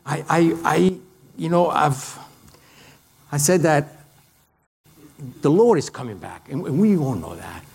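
A middle-aged man with a foreign accent preaching a sermon and telling a personal story in an animated way, with many halting restarts. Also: fairly high pitch, vocal fry, breathy edge.

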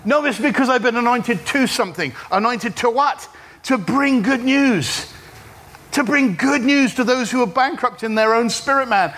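A middle-aged man preaches to his congregation in a high, bright voice. He is animated and humorous and pulls the room into call-and-response. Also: moderate pace. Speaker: pastor. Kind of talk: sermon. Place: church service.

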